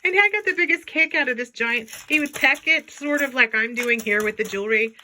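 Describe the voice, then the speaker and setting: Bright, chatty lady sorting jewelry, voice bouncing all over, talks to her stuff in goofy voices. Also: medium pitch, lively intonation, moderate pace, a little hiss or hum. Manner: chatty and playful, talks to objects in silly voices. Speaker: jewelry reseller vlogger. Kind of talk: casual chat while sorting jewelry.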